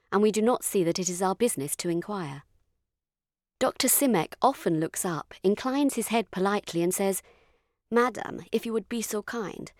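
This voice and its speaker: A woman narrating a story in the first person, measured and dryly witty. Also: mid-range voice, a little mellow, no room sound, clean studio sound.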